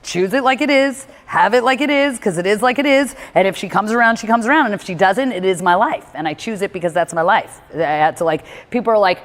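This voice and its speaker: A woman's voice: mid-range voice, quick pace, hardly any pauses, big-room sound. A woman giving candid one-on-one advice in a blunt, emphatic way, swearing freely. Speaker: personal growth speaker coaching a listener.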